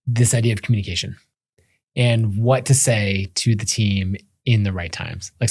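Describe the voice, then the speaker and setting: A man's voice: fairly low pitch, a little mellow, dry recording, studio quality. A male podcast host asking a loose, rambling question full of fillers. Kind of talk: interview questions.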